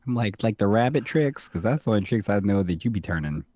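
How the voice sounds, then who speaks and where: A man with a fairly low voice co-hosting a podcast, playful and quick to laugh. His voice sounds dry and close, with no room around it. He talks casually and riffs on his co-host's jokes. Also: animated, darkish tone, dry recording. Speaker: podcast co-host. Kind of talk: casual chat.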